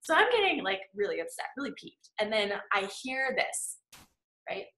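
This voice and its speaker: A woman's voice: medium pitch, big pitch swings, moderate pace, pushed and bright. A woman manifesting coach teaching in a casual, chatty way, tagging her points with "right?" and "okay?". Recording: echoey room.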